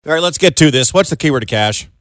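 A man's voice: fairly high pitch, lively intonation, fast, fairly bright tone, no room sound, clean studio sound, faint music behind. A man co-hosting a radio show, bantering in a joking, incredulous way. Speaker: radio co-host. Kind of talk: casual radio chat.

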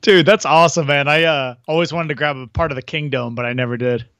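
A man's voice: on the high side, steady tone, fast, fairly bright tone, smooth, no echo. A man co-hosting a casual podcast chat in an easygoing way, saying "dude" often. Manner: easygoing, says "dude" a lot.

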